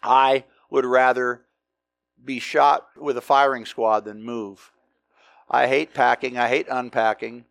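A middle-aged pastor from the United States preaching a conversational, emphatic sermon full of rhetorical questions. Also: male voice, medium pitch, steady tone, slow, vocal fry, fairly bright tone, no echo.

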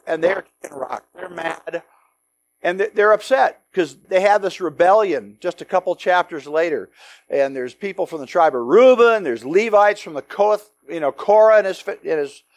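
A man teaching a Bible study, telling the stories in a lively way, acting out the quotes and adding joking asides. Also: sits high, moderate pace. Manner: animated storytelling with acted-out quotes and joking asides.

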